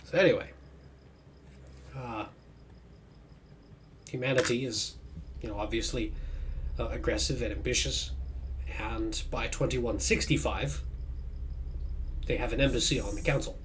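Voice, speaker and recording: A man's voice: mid-range voice, fairly even intonation, a little slow, pauses often, a bit bright. A man casually commenting while playing a video game, rambling and correcting himself as he goes. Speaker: let's-play host. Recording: faint background noise.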